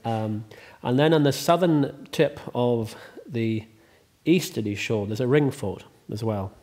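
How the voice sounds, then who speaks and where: A man talks casually in an interview at an ordinary, middle pitch. He rambles warmly from one point to the next, full of ums and self-corrections. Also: a little slow, a little hiss or hum. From Ireland. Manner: rambling, chatty, many ums and restarts. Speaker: host and estate owner.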